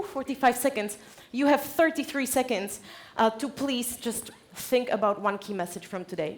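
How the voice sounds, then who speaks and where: A woman giving a conference keynote on stage, direct and lively, laughing often. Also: on the high side. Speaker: conference speaker.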